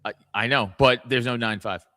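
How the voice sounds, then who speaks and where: A man's voice: mid-range voice, fairly even intonation, pushed and bright, no echo, studio quality. A man, a former police officer co-hosting a casual podcast, talking profanely and laughing as he tells stories. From New York City. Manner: fast, profane, laughing storyteller.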